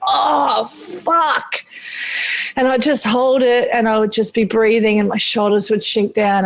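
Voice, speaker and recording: A woman's voice: mid-range voice, creaky. Candid Australian woman chef telling a story. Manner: animated, swears freely, acts out her own past remarks. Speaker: chef and podcast guest.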